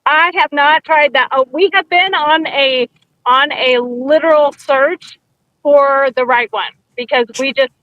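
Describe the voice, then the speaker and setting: Chatty woman co-host, high voice, dry dull sound, tells stories with quoted bits. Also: measured pace, no echo. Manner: chatty storyteller, acts out quotes. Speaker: podcast co-host. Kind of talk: casual chat.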